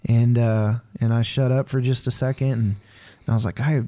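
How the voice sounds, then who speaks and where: Man, podcast co-host, mellow tone, rambling, candid, casual fillers. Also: mid-range voice, fairly even intonation, moderate pace. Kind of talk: casual faith conversation.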